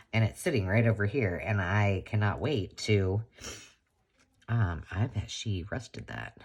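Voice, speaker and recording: A woman's voice: very deep voice, husky. A woman hosting a crafting channel, chatting casually and gushing as she unboxes a gift.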